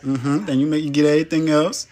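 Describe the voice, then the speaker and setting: A man's voice: fairly even intonation, fast, darkish tone. A man giving playful, hyped casual commentary over a cooking video, talking straight to viewers. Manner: playful, hyped, chatty with frequent "boom" and "you know".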